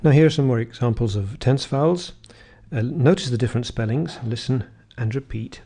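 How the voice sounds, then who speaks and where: A man teaching English pronunciation, reading word lists slowly and clearly and asking the listener to repeat. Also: medium pitch, mellow. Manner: reads word lists slowly, often drawing words out, with "uh" fillers between them. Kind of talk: slow, deliberate pronunciation drill.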